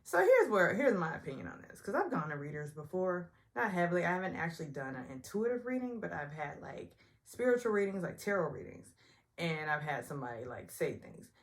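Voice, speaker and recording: A woman casually recapping a reality show, chatty and opinionated, often mimicking people in higher voices. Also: big pitch swings, fairly quick. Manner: chatty and opinionated, acts out quotes in high voices. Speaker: recap vlogger.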